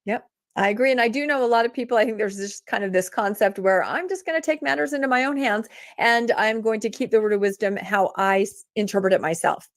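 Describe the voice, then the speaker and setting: A woman calling in to a casual chat over a video call, laughing easily and quick to agree. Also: mid-range voice, no room sound, studio quality. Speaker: caller.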